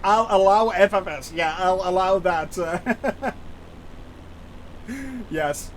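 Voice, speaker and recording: Guy streaming a flight sim, pretty high voice, rambly and giggly, chatting with his viewers. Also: unhurried, a little hiss or hum. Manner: rambling, giggly, talks to chat. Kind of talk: live-stream chat with viewers.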